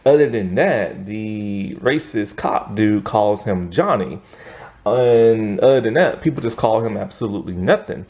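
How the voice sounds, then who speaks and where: A man's voice: lowish voice, animated, measured pace, a little mellow. A young American man giving a rambling, casual movie review, full of fillers and restarts. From United States.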